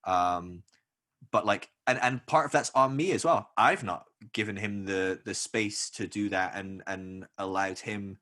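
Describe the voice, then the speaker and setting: Low-ish voiced guy, open and halting, lots of ums, chatty podcast vibe. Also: bright, forceful tone. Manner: candid, halting, heavy on fillers. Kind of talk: casual podcast conversation.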